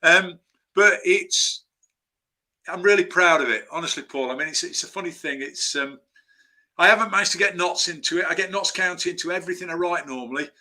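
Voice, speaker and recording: Bright-voiced man telling rambling anecdotes. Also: sits high, brisk. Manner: rambling anecdotal storyteller with restarts. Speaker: screenwriter guest. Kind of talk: casual interview chat.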